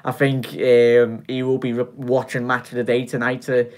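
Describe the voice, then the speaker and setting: A man's voice: medium pitch, monotone, moderate pace. Chatty football fan vlogger, young man. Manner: chatty, repetitive, lots of fillers and restarts. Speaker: fan channel host. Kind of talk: casual match reaction vlog.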